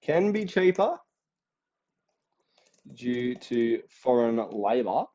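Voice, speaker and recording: A man's voice: medium pitch, big pitch swings, drawn-out words, mellow, highs cut off. A young Australian man in his late teens giving a casual, slangy exam revision rundown, acting out little quoted voices as he goes.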